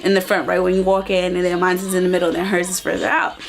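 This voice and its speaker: A woman's voice: fairly low pitch, quick pace, a little hiss or hum. Slangy young woman telling a storytime. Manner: animated, slangy, acts out every voice in the story. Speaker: vlogger. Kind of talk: casual storytime.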